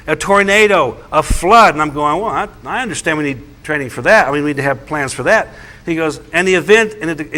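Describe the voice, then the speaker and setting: A middle-aged man, a pastor, recounting a meeting in animated, incredulous storytelling talk. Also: on the high side. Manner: animated, incredulous, quotes others in their voices.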